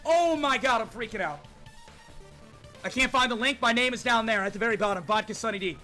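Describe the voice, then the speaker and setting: Excitable high-voiced young man streaming a game. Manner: hyped, shouting at chat, rapid exclamations. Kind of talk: excited live-stream commentary. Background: game music.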